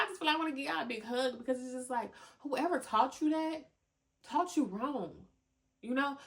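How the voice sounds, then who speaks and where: A young woman hosting a podcast, giving animated motivational talk full of slang, cussing and laughter. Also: sits high. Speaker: podcast host. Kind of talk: motivational casual talk to listeners.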